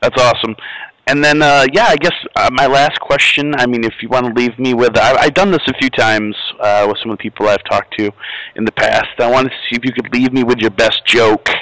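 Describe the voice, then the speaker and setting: A man's voice: mid-range voice, brisk, a bit bright, dry recording, poor audio. A man interviewing an actor, asking loose, casual questions with a few fillers.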